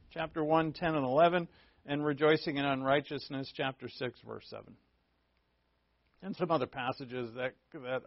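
A man's voice: a little high, no echo. Man teaching a Bible class, lo-fi. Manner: conversational, repetitive emphasis, frequent fillers. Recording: dull, dry, lo-fi recording.

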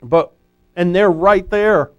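Male pastor, raised pitch, conversational sermon delivery, dry close sound. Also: slow pace, no echo, highs cut off. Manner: conversational, animated preaching with frequent restarts. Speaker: former high school teacher. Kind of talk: expository sermon.

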